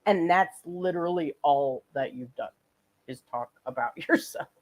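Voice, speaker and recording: A woman's voice: deep voice, unhurried. A woman hosting a livestream, reacting with sarcastic, profane commentary and frequent laughter. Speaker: livestream host reacting to a clip.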